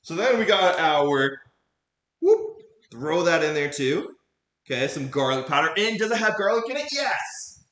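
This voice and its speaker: In his home kitchen, a cooking streamer chats casually with his live chat while he cooks, goofy and laughing a lot. His fairly high voice is animated and a bit bright, at a moderate pace, with reverberant sound.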